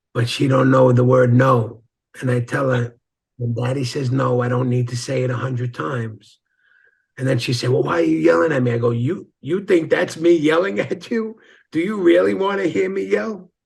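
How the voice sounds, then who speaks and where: Male guest, gravelly husky voice, blunt storyteller who acts out quotes. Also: mid-range voice. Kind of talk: casual interview conversation.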